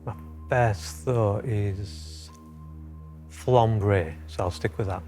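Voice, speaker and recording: A man's voice: on the low side, very slow, dark tone, faint music behind. A man quiz contestant, answering carefully and tentatively in a TV studio.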